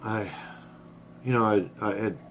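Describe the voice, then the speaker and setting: A man's voice: fairly low pitch, unhurried, slight background noise. A middle-aged man rambling candidly in a casual personal vlog, swearing freely and getting choked up. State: emotional, choked up. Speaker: vlogger.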